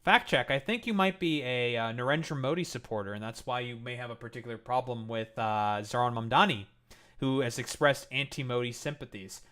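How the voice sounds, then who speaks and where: A man's voice: medium pitch, brisk, fairly bright tone. A man streaming live and commenting in a heated, profane and sarcastic rant.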